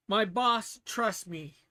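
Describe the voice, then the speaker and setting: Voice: medium pitch, very slow, bright, forceful tone. Rambling casual streamer. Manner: rambling, with restarts and laughs. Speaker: streamer hosting a guessing game. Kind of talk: casual livestream chat.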